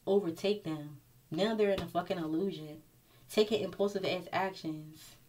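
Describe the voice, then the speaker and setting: Woman tarot reader, mid-pitched, casual and blunt with lots of swearing. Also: a little mellow, slight background noise. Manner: blunt and profane, talks straight to the viewer.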